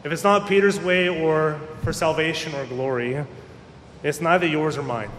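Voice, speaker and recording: In an echoey hall with a faint rumble, a man preaches as a pastor, speaking casually and performing the voices of those he quotes. He keeps a steady tone at normal speed, and his voice is a bit bright.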